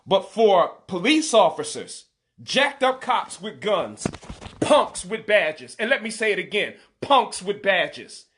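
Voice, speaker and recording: In an impassioned direct-to-camera vlog, a parent in his forties speaks out indignantly and emphatically, repeating key phrases. His voice is high-pitched with a fairly bright tone.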